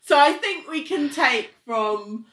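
A woman's voice: high-pitched, animated, slow pace, fairly bright tone, roomy sound. A woman co-hosting a casual podcast, reacting to a recap with laughter and opinions. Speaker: podcast co-host. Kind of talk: casual chat.

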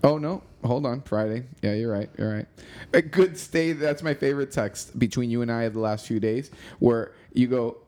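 A man's voice: medium pitch, normal speed, darkish tone. A man chatting casually as host, easygoing, swearing now and then and often saying "you know.". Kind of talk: casual chat.

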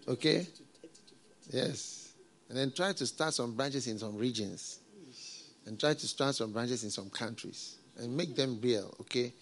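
A middle-aged man preaching a sermon as a pastor, talking in a conversational, repetitive way with folksy proverbs and soft chuckles. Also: mid-range voice, measured pace.

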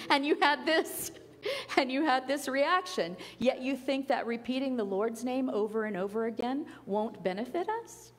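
A woman's voice: high-pitched, a little slow, in a large hall. A woman giving an earnest, conversational spiritual talk with playful asides. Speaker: spiritual teacher. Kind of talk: sermon-style talk.

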